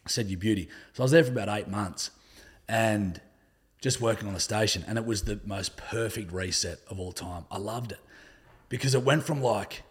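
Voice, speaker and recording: Husky, laid-back Australian man. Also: fairly low pitch, moderate pace. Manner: laid-back, swears often, says "like" a lot. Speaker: podcast guest. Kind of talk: casual conversational storytelling.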